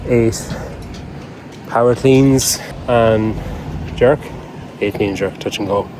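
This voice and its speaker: Rambling man with a low voice. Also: slow, noisy background. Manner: rambling, heavy use of "like". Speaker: podcast host. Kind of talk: casual vlog chat.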